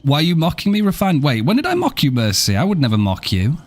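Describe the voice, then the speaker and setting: A man's voice: a little high, huge pitch swings, fast talker. Chill guy streaming a game, joking around and thanking chat, voice bouncing up and down a lot. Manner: playful, joking, thanks viewers by name; swears casually. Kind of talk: casual live-stream gaming chat.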